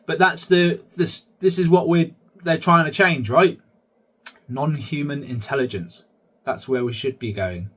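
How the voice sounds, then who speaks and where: A man's voice: a little high, animated, normal speed, fairly bright tone. A man hosting his own vlog, chatty commentary that keeps addressing viewers as guys. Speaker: channel host.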